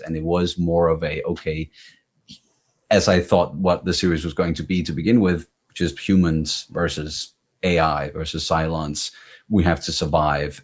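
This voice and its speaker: A man's voice: deep voice, darkish tone. A man with a Danish accent, a native Danish speaker, talking as a guest on a casual panel and often restarting his sentences. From Denmark. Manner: halting, with many restarts and fillers.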